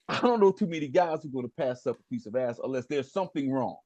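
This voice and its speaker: Brief Man co-host, dark husky voice with a dry close sound, hesitant storyteller. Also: mid-range voice, lively intonation, fairly quick, dry recording, dull audio. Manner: rambling, hesitant storytelling with many restarts. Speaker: podcast co-host. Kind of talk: casual chat.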